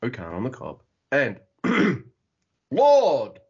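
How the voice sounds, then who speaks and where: A man co-hosting a podcast, recapping wrestling matches in lively, casual talk with swearing and laughs. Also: mid-range voice, slow, slightly rough. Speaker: podcast co-host. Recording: dull lo-fi audio.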